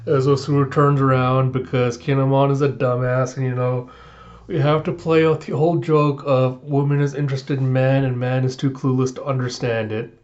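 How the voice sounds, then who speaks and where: A man's voice: medium pitch, level tone, normal speed, darkish tone, lo-fi sound. A man giving a chatty, sarcastic comic recap as a reviewer. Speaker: manga reviewer. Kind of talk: casual reaction recap.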